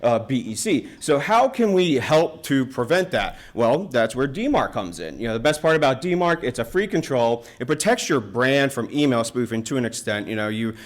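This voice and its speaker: A man's voice: medium pitch, sing-song, normal speed, hardly any pauses. Male presenter, casual conference talk, filler-heavy delivery. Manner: casual, filler-heavy, many "uh" and "you know". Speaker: conference presenter on email security. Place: university lecture room.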